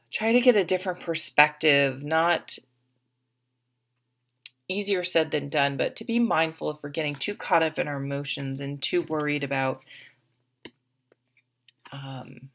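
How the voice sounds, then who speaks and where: Woman reading tarot cards, casual rambling talk, low gravelly voice. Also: a bit bright. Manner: chatty, rambling, with restarts and asides. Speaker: tarot reader.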